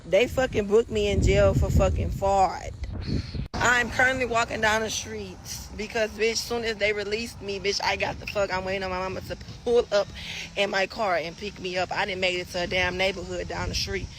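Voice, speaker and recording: A woman telling a profane story to her followers, brash and fast, cursing freely. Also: flat delivery, noisy background. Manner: brash, cursing, acts out phone call in high voice. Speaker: social media poster in played clips.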